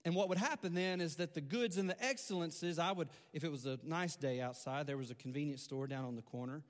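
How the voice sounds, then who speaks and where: Animated preacher man in a reverberant hall. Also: fairly high pitch, a little fast. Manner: conversational, animated storytelling with repetitions. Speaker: pastor. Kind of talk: storytelling sermon.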